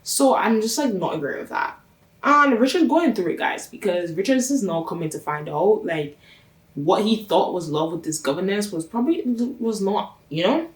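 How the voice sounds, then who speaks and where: Recapping a TV show for her channel, this host speaks in an animated, mid-range voice at a moderate pace. She's chatty and gossipy, stressing things through repetition, and the roomy audio suggests she's sitting away from the mic.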